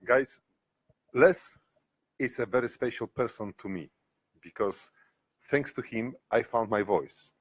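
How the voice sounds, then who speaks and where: A guest speaker, a man, giving viewers a short, earnest message in slow, carefully chosen phrases. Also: mid-range voice, slightly rough, no room sound. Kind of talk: short heartfelt address to viewers.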